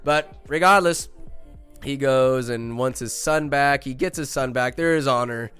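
Young man, podcast host, slangy, animated movie recap, faint music behind. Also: mid-range voice, measured pace, clear, resonant tone. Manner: animated, slangy, acts out quotes.

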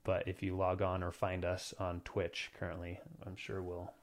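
A man in his thirties chats loosely as a podcast host, joking and teasing his co-host. His voice sits a little low. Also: completely flat delivery, moderate pace. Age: 30s. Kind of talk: casual podcast chat.

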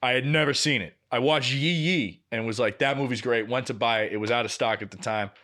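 A man's voice: mid-range voice, a little fast, pushed and bright. A young man co-hosting a podcast, telling a long story in casual chat and swearing often. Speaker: podcast co-host.

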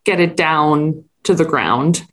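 A woman's voice: sits low, takes it slowly. A woman in her thirties co-hosting a podcast, chatting casually and laughing easily as she recaps a TV episode. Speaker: podcast co-host.

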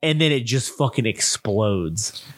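A man co-hosting a casual film review podcast, recapping the plot in a profane, animated way and acting out characters' lines. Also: lowish voice, a little slow, no echo. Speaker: podcast co-host.

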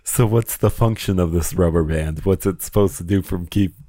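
A man's voice: low voice, moderate pace, dark tone, no echo. A man co-hosting a casual podcast, teasing and cracking jokes at his friend. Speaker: podcast co-host. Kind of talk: casual comedic chat.

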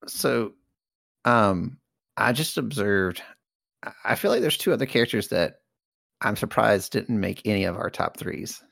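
Gravelly low-voiced man, lively. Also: a little slow, no echo, studio quality. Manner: laughs often, rambling with fillers. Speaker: podcast co-host. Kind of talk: casual card-game chat.

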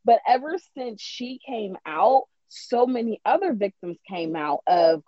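A woman's voice: on the high side, lively intonation, measured pace, no echo. A woman co-host tells a gossip story in a casual, rambling way, leaning on fillers as she goes. Her voice sounds dry and a bit dull, as if recorded close on a modest mic. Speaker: podcast co-host.

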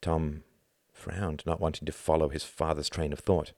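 A man narrating an audiobook with an expressive, animated reading. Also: very deep voice, moderate pace, dry recording, clean studio sound.

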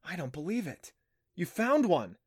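A man's voice: sits high, very animated, normal speed, darkish tone, husky, dry recording, studio quality, voice pushed up, exaggerated voice. A man voicing a bossy, determined young girl in a storybook. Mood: astonished. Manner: demanding, purposeful.

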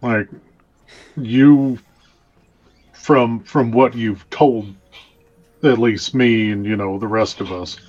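A man's voice: medium pitch, fairly even intonation, slow pace, long pauses, darkish tone, lo-fi sound. A young man role-playing his character in a tabletop game, rambling with many fillers and casual, colloquial phrasing.

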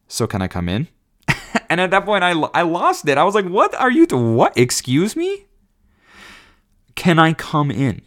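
Young male vlogger, lowish voice, chatty rambling storyteller with animated asides. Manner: animated, rambling, lots of fillers and laughs. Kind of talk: casual storytelling.

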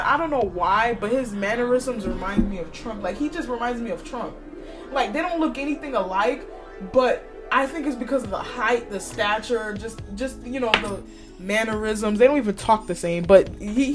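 A woman hosting a podcast, giving blunt, profane opinions in casual chat and often breaking into laughter. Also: a little high. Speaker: podcast host.

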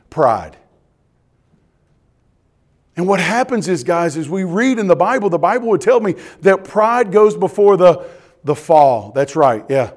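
A man pastor preaching a sermon, emphatic and repetitive, often asking the congregation questions. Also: high-pitched.

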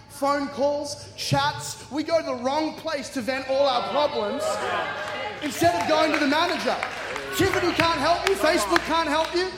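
Animated preacher in an echoey hall. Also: male voice, very high-pitched. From Australia. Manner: animated storytelling, acting out voices. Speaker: guest preacher. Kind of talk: humorous sermon. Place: large church hall. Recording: echoey hall, long reverb.

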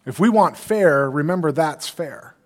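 A man's voice: on the high side, animated, measured pace, big-room sound. A male pastor delivering an earnest sermon, quoting scripture and asking rhetorical questions.

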